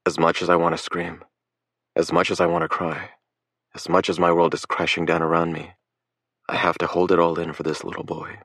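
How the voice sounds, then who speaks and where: Deep-voiced male narrator, measured first-person read, dry close recording. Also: monotone, a bit bright, no echo. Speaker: audiobook narrator.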